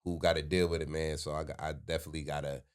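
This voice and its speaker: Podcast co-host, man, very low voice, laid-back and reflective, lots of "yeah.". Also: fast talker, clear, resonant tone. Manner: relaxed, reflective, frequent affirmations. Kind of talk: casual chat.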